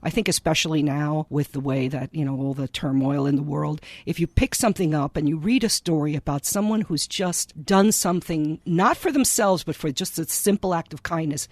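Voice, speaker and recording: A woman's voice: sits low, normal speed, few pauses, dry recording. Chatty middle-aged woman telling a story. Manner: animated storyteller who acts out voices in quotes. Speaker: guest author. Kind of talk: storytelling in a casual interview.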